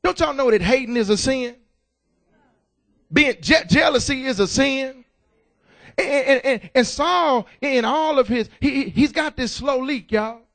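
A man's voice: very high-pitched, a little slow. A man preaching a sermon, stammering restarts and repeated calls of "y'all" and "amen". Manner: stammering restarts, rising to shouts.

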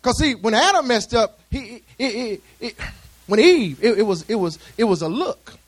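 Male pastor, high voice, chatty call-and-response sermon with many restarts. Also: animated, normal speed.

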